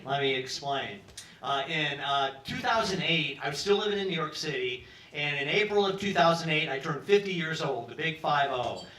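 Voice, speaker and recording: A man's voice: fairly high pitch, normal speed. A man in his sixties from Peoria telling a long personal story on a pub stage, acting out the other people's lines and swearing freely. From Peoria, Illinois, US. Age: 60s. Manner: animated, acts out other people's lines, profane. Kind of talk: live storytelling monologue. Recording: roomy, from some distance.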